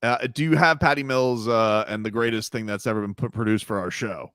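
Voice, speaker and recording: A man hosting a sports talk radio show, emphatic and animated, swinging between loud and quiet. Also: on the low side, fairly quick, clean tone, dry recording, studio quality.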